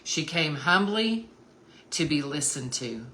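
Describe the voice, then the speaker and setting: A woman's voice: low voice, animated, takes it slowly, sharp tone. A woman giving earnest, emphatic devotional Bible teaching to other women, repeating key points and calling them sisters. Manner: addresses listeners as sisters.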